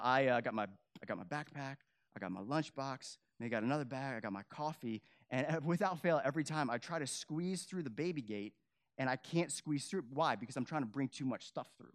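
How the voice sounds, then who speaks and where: A young adult man preaching a sermon, swinging from loud emphatic peaks to quiet, low, earnest stretches, with casual asides to the congregation. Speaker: pastor.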